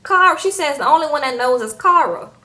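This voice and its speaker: A woman's voice: animated, fast talker, sharp tone, low-quality recording. A young woman vlogging at home, casually recapping a reality episode, full of fillers and acting out quotes. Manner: chatty, acts out quotes in higher voices, frequent fillers.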